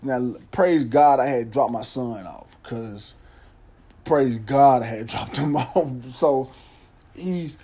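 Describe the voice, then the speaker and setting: A man's voice: a little high, measured pace, mellow, a little hiss or hum. A man telling a personal story on his podcast, candid and swearing freely, often repeating himself. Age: adult, father of a son. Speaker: podcast host. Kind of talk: casual storytelling. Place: Nashville area.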